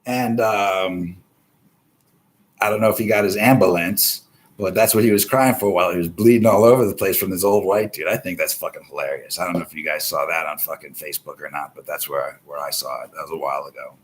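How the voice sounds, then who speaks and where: A man's voice: low-pitched, fairly quick. A man hosting a live stream, chatting casually about the news in a rambling, heavily profane way. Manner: profane, rambling, swears constantly.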